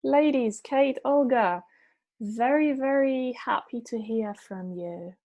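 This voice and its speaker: A woman's voice: fairly high pitch, slow pace, warm tone. A woman English teacher answering chat questions after an online lesson, patiently checking that her answers land, speaking into an online meeting microphone. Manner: patient, checks understanding with "yeah?" and "okay?".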